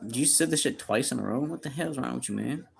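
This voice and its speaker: Brisk and gravelly, this young man's voice sits at a medium pitch. On his livestream he fires back at chat, reading each question out and giving blunt, foul-mouthed, slang-heavy replies.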